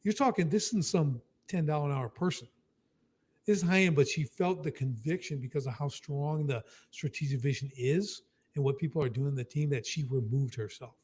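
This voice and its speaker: A husky man with a fairly high voice explains how a company works in a loose, emphatic way. He often checks in with "right?" and slips into quick bits of acted-out talk. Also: a little mellow. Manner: emphatic, keeps adding "right?", acts out quick dialogue. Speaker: business coach.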